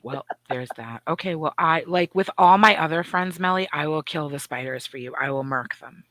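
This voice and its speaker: Middle-aged woman co-host, bright voice, dry sound, lively and profane. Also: sits low, normal speed, no room sound. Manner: animated, profane storytelling with voiced asides. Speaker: podcast co-host. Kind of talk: casual chat.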